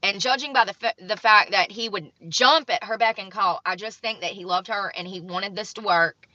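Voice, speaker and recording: A woman's voice: mid-range voice, normal speed, sharp tone, no echo. A young woman vlogger reading from an article and adding blunt, judgmental commentary. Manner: blunt and judgmental, reads aloud then comments. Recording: dull lo-fi sound, dry room.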